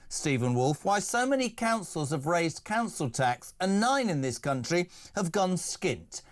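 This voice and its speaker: A middle-aged Englishman hosting a radio phone-in, animated and emphatic with jokey asides. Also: sits high, unhurried, hardly any pauses. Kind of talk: opinionated talk radio. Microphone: studio microphone.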